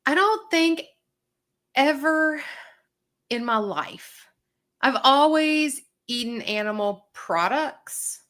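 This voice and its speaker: Woman nurse guest rambling along, bright tone, a bit high, video call. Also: animated, slow, pauses often. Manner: rambling, lots of fillers and restarts. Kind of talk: casual interview chat.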